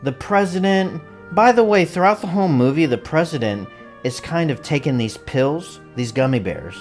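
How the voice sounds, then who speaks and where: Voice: medium pitch, expressive, normal speed, faint music behind. A movie reviewer giving a casual, rambling recap full of jokes and frequent laughter. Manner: rambling and joking, laughs often. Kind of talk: casual spoiler-filled recap.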